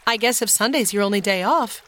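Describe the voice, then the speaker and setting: A woman's voice: medium pitch, brisk, fairly bright tone, close to an everyday voice. A woman reading the lines of a sensible, emphatic young girl in a children's story.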